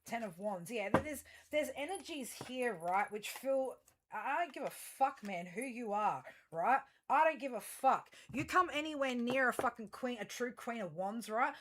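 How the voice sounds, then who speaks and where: A woman's voice: a little high, lively intonation, normal speed. Blunt, rambling woman reading tarot. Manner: rambling with many fillers and restarts; blunt, emphatic, heavy swearing. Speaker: tarot reader. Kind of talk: astrology tarot reading addressed to viewers.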